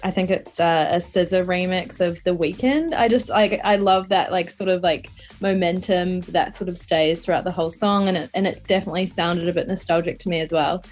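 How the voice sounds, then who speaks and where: A woman musician with a New Zealand accent, chatty and quick to laugh, joining a radio interview over a video call. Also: fairly low pitch, steady tone, a little mellow, soft background music. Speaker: musician guest. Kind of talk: remote radio interview chat.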